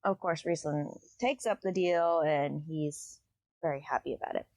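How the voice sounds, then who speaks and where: A woman's voice: sits low, normal speed, darkish tone, dry recording. Woman podcast host, casual book recap, chatty and loose, dry close sound. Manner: chatty, loose, with many fillers.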